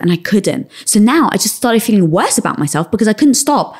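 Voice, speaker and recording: A woman's voice: mid-range voice, very animated, a little fast, darkish tone, husky. A woman in her thirties, a podcast guest, talking candidly and acting out her inner voice in quotes. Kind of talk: candid conversational storytelling.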